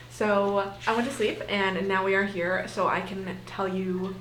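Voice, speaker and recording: A woman's voice: medium pitch, steady tone, a little slow, fairly bright tone, a little hiss or hum. A young woman talking casually to camera about a book she is reading, chatty and gushing, swearing freely. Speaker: book vlogger. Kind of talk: casual reading vlog chat. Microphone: camera mic, no external microphone. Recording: echoey room.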